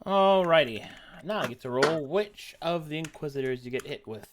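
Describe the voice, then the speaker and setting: A man's voice: on the high side, animated, moderate pace, background noise. A man running a tabletop game as game master, upbeat and chatty with his players.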